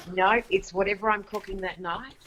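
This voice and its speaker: A woman with an Australian accent chatting casually as a guest in an interview, easygoing and quick to laugh. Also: mid-range voice, fairly even intonation, fairly bright tone, poor audio. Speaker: guest, home cooking show host.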